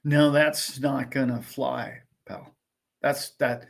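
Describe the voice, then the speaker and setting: Guy hosting a live stream, kinda raspy voice, fired up and ranty. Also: mid-range voice, a little slow. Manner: emphatic, ranting, rhetorical questions. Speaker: livestream host. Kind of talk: casual livestream commentary.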